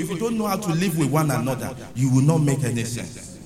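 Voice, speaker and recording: A man's voice: mid-range voice, big pitch swings, fast, a little mellow. A man with a Nigerian accent preaching a sermon to a congregation, mixing Yoruba into his English and calling for responses. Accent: Nigerian, Yoruba-influenced. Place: church hall with congregation. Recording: echoey church hall with congregation.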